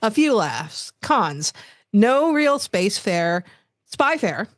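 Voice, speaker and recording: A woman's voice: medium pitch, big pitch swings, extremely slow, no room sound, studio quality. A woman co-hosting a podcast, reading listener mail aloud in a playful way. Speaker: podcast co-host.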